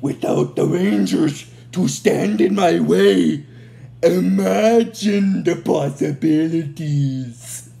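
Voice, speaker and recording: A woman voicing a gloating male villain emperor in a lowered, slow, grand voice. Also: vocal fry, mellow, heavily acted.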